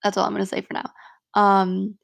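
Frank young woman with a gravelly edge. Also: mid-range voice, monotone, a little fast, no room sound, clean studio sound. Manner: frank and heartfelt, swears freely, many "like" fillers. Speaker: podcast host. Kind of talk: casual solo podcast monologue.

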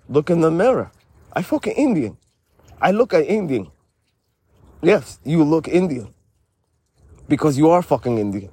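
Husky deadpan man. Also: fairly high pitch, unhurried, pauses often, no room sound. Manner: dry, deadpan straight man. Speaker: comedy podcast co-host. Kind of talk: comedy sketch dialogue.

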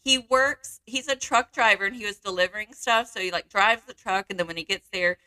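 A woman's voice: medium pitch, a little fast, pushed and bright, smooth, dry recording. A young woman co-hosting a podcast, telling a funny work story in a chatty, laughing way full of fillers and slang. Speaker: podcast co-host. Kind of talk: casual chat, storytelling.

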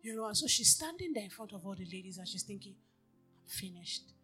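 A woman preaching a sermon, telling stories and moving from hushed, near-whispered talk to loud exhortation. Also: mid-range voice, animated, fast talker, slightly rough, soft background music.

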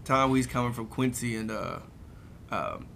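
A man's voice: mid-range voice, normal speed, gravelly, a bit bright, slight background noise. A young man hosting a casual chat, telling stories with lots of laughter and acted-out quotes. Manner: laughs often, acts out quotes with raised voice. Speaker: podcast host.

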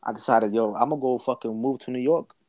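A man's voice: medium pitch, quick pace, a little mellow, no echo. Slangy young man telling a story. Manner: profane, laughing slangy storytelling. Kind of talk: casual chat.

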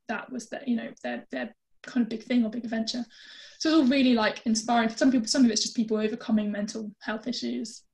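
A British woman telling a travel story as a guest, chatty and lively with lots of fillers. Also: on the high side. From Britain. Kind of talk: casual storytelling chat.

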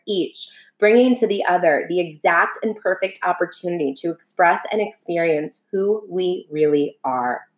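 A woman voicing a kind, loving soul who talks softly and patiently. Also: fairly low pitch, natural voice. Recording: roomy echo.

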